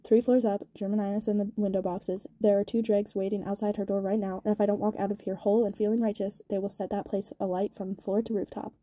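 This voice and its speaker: A cold young gang boss with a gravelly rasp, as a woman reads him aloud from a novel. He taunts quietly and deliberately, his voice dark and muffled, and the words come quickly. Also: high voice, little pitch movement, no room sound. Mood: menacing.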